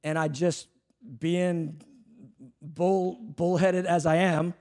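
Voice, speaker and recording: A man preaching a sermon, swinging between fervent shouted appeals and hushed, conversational storytelling. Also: fairly high pitch, level tone, takes it slowly. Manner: conversational, self-deprecating anecdotes.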